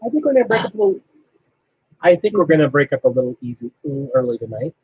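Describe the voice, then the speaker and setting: A man's voice: fairly high pitch, big pitch swings, quick pace, slightly rough, no echo. A man co-hosting a casual fan chat, easygoing and blunt with his opinions. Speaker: podcast co-host. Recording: dry, slightly muffled lo-fi audio.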